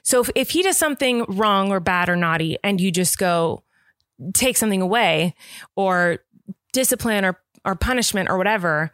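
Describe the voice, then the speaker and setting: A woman's voice: mid-range voice, fairly bright tone, dry recording, studio quality. A young woman in a casual chat about raising her son, earnest and rambling, often acting out what she and the child say. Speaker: parent in a podcast chat.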